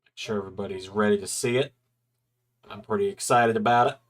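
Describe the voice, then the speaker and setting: A man's voice: on the low side, fairly even intonation, a little fast. A young man hosting a casual livestream from his apartment, chatting loosely while he works and yawning now and then. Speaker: streamer hosting a watch-along.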